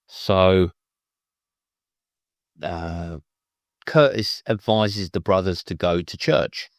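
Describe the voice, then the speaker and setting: Low-voiced man recapping a film. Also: slow pace, pauses often, no echo, clean studio sound. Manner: rambling, meandering retelling with many restarts. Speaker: film reviewer.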